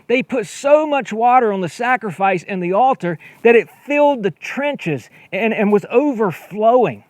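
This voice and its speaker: A man preaching a sermon as pastor, reading scripture aloud and retelling it in a conversational way, repeating words as he gets excited and acting out quoted lines. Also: high-pitched, normal speed, no echo. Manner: acts out quoted lines with a raised voice.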